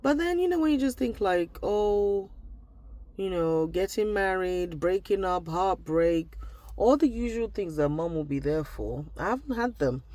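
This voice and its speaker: A man's voice: high voice, lively intonation, a little slow, a little mellow, dry recording. A man from Nigeria, talking through personal reflections in a casual diary vlog, often trailing off and restarting his thoughts. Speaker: vlogger.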